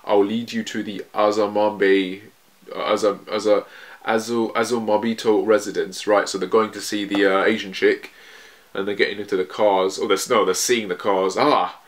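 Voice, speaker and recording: A man's voice: fairly low pitch, level tone, moderate pace. A man casually reading a manga chapter aloud and reacting to it, quoting the characters and laughing often.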